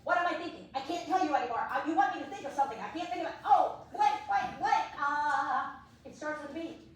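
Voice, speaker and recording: A woman's voice: sits high, fast talker, lightly acted. Flustered frozen computer mouse, as a woman puts it on. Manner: stammering, panicky. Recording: echoey hall from far off.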